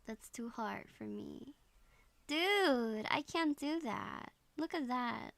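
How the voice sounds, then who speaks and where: A woman's voice: on the high side, lively intonation, slow pace, gravelly, fairly bright tone, no room sound, clean studio sound. A woman streamer chatting casually and playfully, giggling as she tries things out. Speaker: livestreamer. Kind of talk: casual livestream chat.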